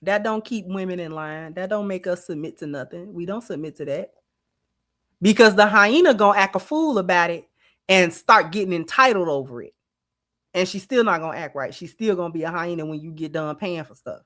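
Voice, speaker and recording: Animated, drawling woman talking to her viewers. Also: on the low side, brisk. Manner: animated, drawling, talks straight to chat. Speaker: channel host. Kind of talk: casual livestream commentary to viewers.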